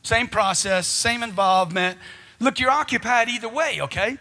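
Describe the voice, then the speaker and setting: A man's voice: extremely high pitch, moderate pace, sharp tone. A man giving a live motivational seminar talk into a handheld mic, emphatic and firing off rhetorical questions. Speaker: motivational speaker.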